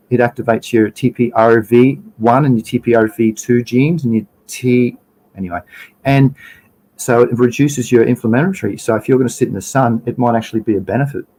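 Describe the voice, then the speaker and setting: A man's voice: medium pitch, quick pace, warm tone, husky, poor audio. An Australian man hosting a casual livestream, rambling through slides, trailing off and restarting, greeting viewers in chat. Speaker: livestream host.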